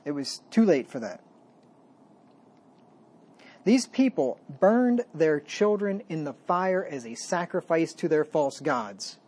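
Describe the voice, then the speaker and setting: A man delivers a sermon in a slightly high voice. He reads the verses loudly and with force, then drops to quiet, folksy asides. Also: very animated, slow, long pauses. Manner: folksy, self-deprecating asides. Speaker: preacher. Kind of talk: sermon with scripture reading.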